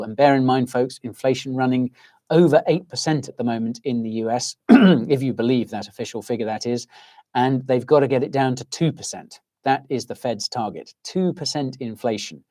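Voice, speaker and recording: Middle-aged English man, livestream host, dark soothing voice, rambling chatty delivery. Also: medium pitch, moderate pace. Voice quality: soporific, soothing voice. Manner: rambling, ranting, reacting to comments. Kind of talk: casual livestream chat.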